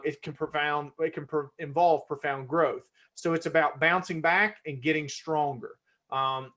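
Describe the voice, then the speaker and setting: A man's voice: a little high, a bit bright. A man presenting a live-streamed workshop in a conversational way, restarting words and now and then getting fired up. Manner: conversational, self-correcting, gets fired up.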